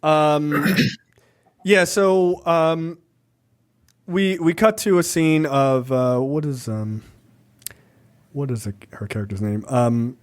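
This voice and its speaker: A man's voice: on the high side, slow, long pauses, smooth. A man co-hosting a casual movie review chat, acting out the characters' lines. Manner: animated, acts out characters' lines. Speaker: podcast co-host.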